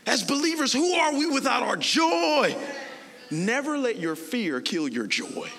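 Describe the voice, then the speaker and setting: Animated high-voiced preacher. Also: male voice, unhurried, creaky, in a large hall. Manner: animated, playful, conversational preaching. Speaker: pastor. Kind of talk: sermon.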